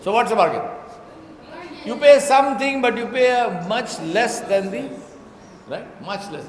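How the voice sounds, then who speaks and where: A man's voice: high-pitched, lively intonation, a little slow. A man giving a religious talk to an audience, telling stories and often asking rhetorical questions. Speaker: Islamic speaker. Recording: echoey hall with faint background noise.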